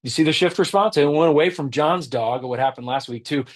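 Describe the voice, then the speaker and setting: A man's voice: fairly high pitch, expressive, fairly quick, hardly any pauses. A man giving an earnest teaching talk on leadership who stresses his key points by repeating them.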